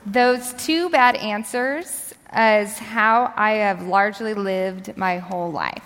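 A woman's voice: medium pitch, slow, fairly bright tone. A woman giving a candid, reflective personal testimony in church. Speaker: church speaker sharing her story. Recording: reverberant hall.

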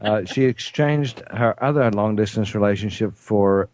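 A South African man hosting a studio talk show, hesitant, with frequent throat clearing and fillers. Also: lowish voice, moderate pace, darkish tone, dry recording. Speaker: host. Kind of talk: casual radio talk show.

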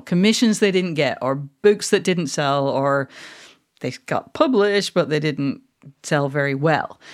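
Wry middle-aged woman with mid-Atlantic accent. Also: fairly low pitch. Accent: mid-Atlantic with Mancunian roots. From Manchester, England. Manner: wry, reflective, laughs easily. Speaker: podcast co-host. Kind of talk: casual chat.

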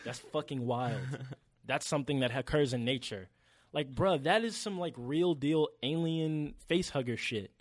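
A young man co-hosting a podcast, talking in an animated, slangy way and swearing freely. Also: on the high side, normal speed, no room sound. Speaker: podcast co-host. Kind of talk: casual chat.

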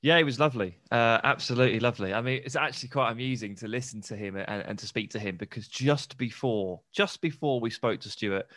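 A man's voice: medium pitch, brisk, hardly any pauses, fairly bright tone, no room sound, studio quality. A man co-hosting a football podcast, chatty, enthusiastic and teasing. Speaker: podcast co-host. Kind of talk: casual football podcast chat.

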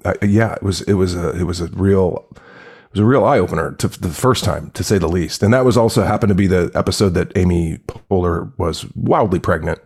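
A man telling a long, animated anecdote as a podcast guest, rambling with many restarts and acting out quoted lines. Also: deep voice, a little fast, slightly rough. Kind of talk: casual storytelling.

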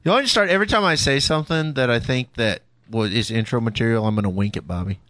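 A man's voice: medium pitch, fast talker, a bit bright. A man co-hosting a radio talk show, cracking jokes and playing tough in the studio banter. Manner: wisecracking, mock-tough.

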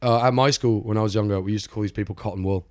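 A man's voice: on the low side, fairly even intonation, racing, darkish tone, no room sound, clean studio sound. A man co-hosting a podcast, telling a story in casual, wry, joking chat. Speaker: podcast co-host.

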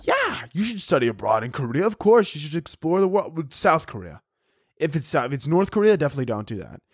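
A man hosting a comedy podcast, his voice sitting a little higher than most. He tells profane, self-mocking stories and keeps restarting his sentences. He bursts into high, excited yells of mock panic, in a close, dry recording. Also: quick pace, slightly rough, no room sound. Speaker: podcast host.

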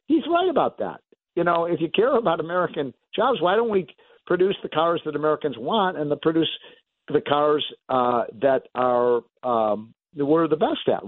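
A man hosting a talk radio show as an economist, speaking in an animated, emphatic monologue and coughing now and then. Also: on the high side, no echo. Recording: dry, phone-like narrow band.

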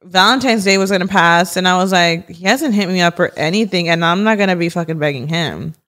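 A woman's voice: fairly low pitch, a little fast, fairly bright tone. A woman in her late twenties co-hosting a podcast, chatting casually and chiming in with short reactions. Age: late 20s. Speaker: podcast co-host. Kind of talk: casual chat.

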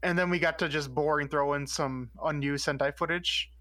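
A man's voice: fairly high pitch, steady tone, normal speed, bright, forceful tone, no room sound. A man in a casual podcast chat, talking in a playful, mock-indignant way.

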